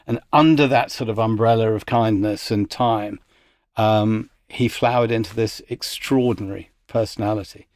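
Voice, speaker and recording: A man's voice: on the low side, moderate pace, no echo. A man who works as a music industry executive, telling stories as a podcast guest and livening up when he quotes others. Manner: anecdotal, animated when quoting others. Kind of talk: casual storytelling interview.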